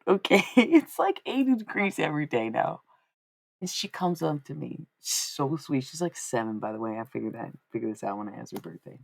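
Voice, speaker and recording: A woman with a low voice tells a rambling, funny story straight into a close desk mic, laughing often and swearing freely. She throws in quoted lines in squeaky put-on voices. The sound is dry, with no room around it. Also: vocal fry, slightly rough, dry recording. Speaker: streamer. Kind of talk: casual storytelling chat.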